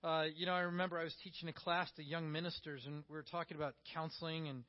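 High-voiced animated male preacher. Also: fast, highs cut off. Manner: animated, acts out quoted voices, swings between soft and loud. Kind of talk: sermon.

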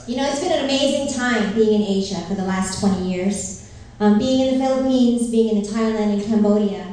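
Heard from a distance in a very echoey hall, a middle-aged woman from Northern California shares a sincere church testimony as a missionary. Her medium-pitched voice is brisk and dark-toned, and her storytelling is peppered with fillers, a few ums among them.

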